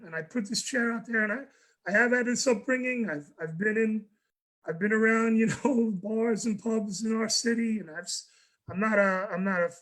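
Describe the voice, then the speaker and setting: A man, a guest on a panel, telling a personal story in an animated way, often restarting and repeating words. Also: high-pitched, rough recording. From New York. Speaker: guest speaker.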